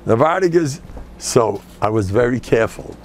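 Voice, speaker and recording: A man's voice: medium pitch, lively intonation, moderate pace, gravelly, a little mellow, a little hiss or hum. An older man, a rabbi giving a lecture to a live audience, who jokes and tells stories and acts out the people in them. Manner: joking, storytelling, acts out quoted people.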